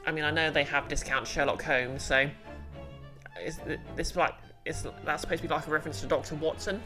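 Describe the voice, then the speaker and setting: A woman's voice: deep voice, steady tone, brisk. A woman streaming a game, chatting casually and musing aloud over game music.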